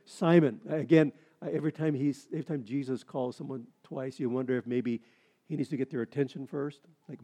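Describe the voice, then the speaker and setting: A male pastor preaching a sermon, with frequent halting restarts that build into emphatic, rising delivery. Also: fairly high pitch, dark tone.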